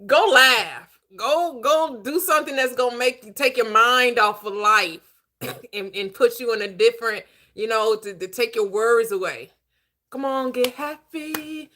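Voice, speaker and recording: A woman's voice: fairly high pitch, normal speed, bright, forceful tone. A middle-aged woman hosting a casual livestream chat, giggly and chatting with her viewers. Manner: giggly, laughs often, talks to viewers. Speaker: host.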